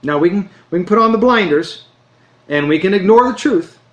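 A man preaching a sermon, earnest and emphatic, slowing down to stress key phrases. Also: sits high, expressive, a bit bright, muffled recording. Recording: roomy echo.

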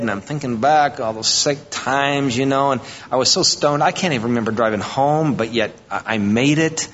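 A male pastor preaching a sermon, animated and conversational, mixing emphatic passages with joking asides. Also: medium pitch, moderate pace, hardly any pauses. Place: church sanctuary. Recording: dull, lo-fi audio with long reverb in a large hall.

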